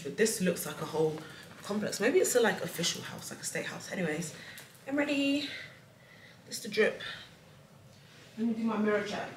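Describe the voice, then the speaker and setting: A young woman talks casually to the camera as a travel vlogger, chatty and a little self-deprecating. Her voice sits at an everyday middle pitch. The hotel room around her is echoey, with faint noise underneath. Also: distant mic. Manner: chatty, self-deprecating, talks to viewers while getting ready. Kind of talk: casual vlog chat to camera.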